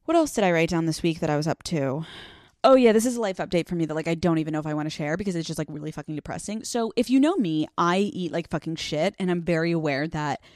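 A woman's voice: low voice, animated, fast talker, darkish tone, no room sound, studio quality. A woman in her thirties hosting a casual solo podcast, talking in a candid, profane, self-mocking way with lots of fillers and restarts. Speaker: podcast host.

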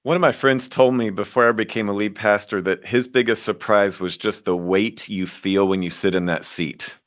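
A man's voice: on the low side, steady tone, normal speed, fairly bright tone. A man from Kentucky, a lead pastor telling stories in an interview with earnest reflection and easy humor. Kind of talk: storytelling interview answers.

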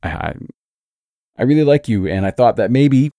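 A man's voice: medium pitch, animated, warm tone, no room sound, voice pushed up, lightly acted. A man voicing a nervous teenage boy who stammers and halts. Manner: stammering, halting.

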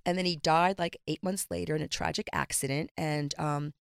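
A woman's voice: sits low, normal speed, smooth, no room sound, clean studio sound. A middle-aged woman in casual conversation, telling a personal story and acting out the lines she quotes. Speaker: reality TV personality, guest.

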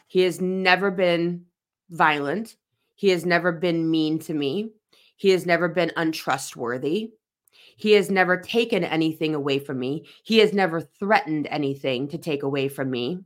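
Woman in her forties, low voice, earnest host sharing her own story, drives points home by repeating them. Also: normal speed. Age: 40s. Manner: earnest, emphatic repetition. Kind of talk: personal reflective monologue.

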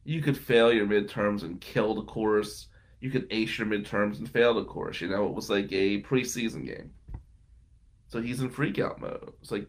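A podcast guest with a lowish, fairly flat voice tells casual, wry stories at a moderate pace. His tales cover former roommates and girlfriends, and he keeps laughing in between.

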